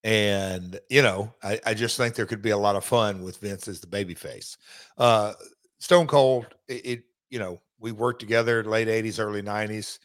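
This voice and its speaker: A middle-aged man, chatting casually as a podcast host, halting with many restarts and fillers. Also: fairly low pitch, fairly even intonation, a bit bright. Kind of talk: casual chat.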